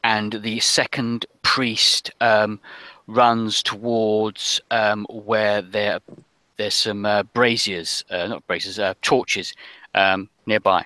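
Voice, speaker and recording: A man narrating a tabletop adventure as game master, unhurried and full of ums and uhs. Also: fairly low pitch, little pitch movement, pushed and bright, dry recording.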